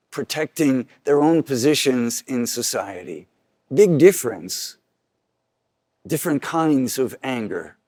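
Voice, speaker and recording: A man's voice: darkish tone, no echo, clean studio sound. Earnest man preaching a homily. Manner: earnest preaching, acts out quoted voices with rising pitch. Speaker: priest.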